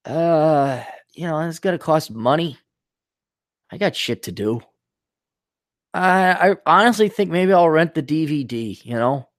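Here the solo podcaster's voice sounds slightly high, expressive and unhurried, captured cleanly in the studio with no echo. Scornful and blunt, he fills his rant with profanity, wanders off topic, and keeps starting his sentences over.

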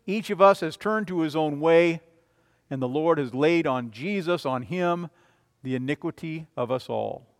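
A man preaching a sermon as a pastor, emphatic, swinging between loud declarations and quiet, low passages. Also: a little slow, big-room sound. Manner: emphatic, rising and falling in volume.

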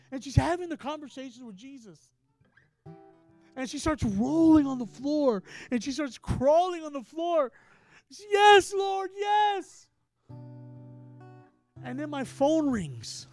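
High-voiced man preaching a passionate sermon. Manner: swings from hushed storytelling to loud emphatic preaching. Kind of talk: sermon storytelling.

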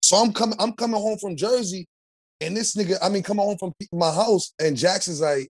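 A man's voice: sits high, a little fast. A young man co-hosting a podcast, telling profane, slang-heavy stories in a casual chat. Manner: loud, profane storytelling with lots of slang. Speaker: podcast co-host.

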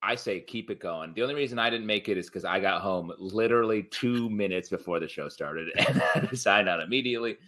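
A man co-hosting a casual live-streamed talk show, joking and animated. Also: lowish voice. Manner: joking, animated, quick asides. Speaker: podcast co-host.

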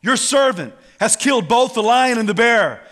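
A man preaching while voicing the young shepherd David, who shouts bold, drawn-out declarations of defiance. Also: very high voice, lively intonation, voice pushed up. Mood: defiant.

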